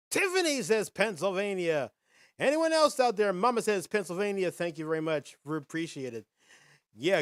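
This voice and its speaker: A man hosting a casual live podcast, chatting with viewers in a folksy, animated way and reading quiz questions. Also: on the high side, no room sound, studio quality. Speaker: podcast host.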